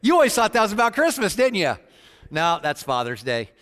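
A man's voice: high-pitched, wildly swooping pitch, brisk, a bit bright, long reverb tail, faint music behind. A man preaching a sermon, joking with the congregation, then laying out statistics earnestly. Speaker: pastor.

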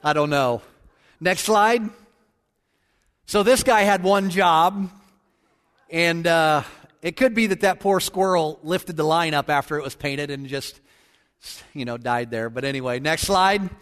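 A male pastor delivers a sermon in a folksy, joking manner that turns solemn when he prays. His voice sits fairly high. It rings out with a long reverb in a church sanctuary. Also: measured pace, pauses often, fairly bright tone.

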